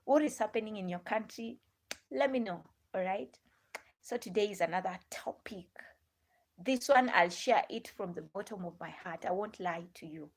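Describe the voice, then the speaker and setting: A woman's voice: mid-range voice, moderate pace. A woman with a Ghanaian English accent hosting a live stream, chatting to viewers in a rambling way, repeating herself and asking them many questions.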